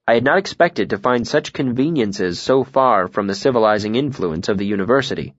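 A man reading a first-person novel aloud in a calm, even, reflective way. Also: medium pitch, brisk, no room sound, highs cut off. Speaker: audiobook narrator.

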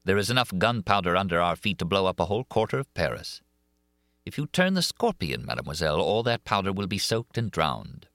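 A man voicing a cold, deliberate masked phantom who taunts calmly. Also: deep voice, dry recording, studio quality, exaggerated voice. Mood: coldly menacing.

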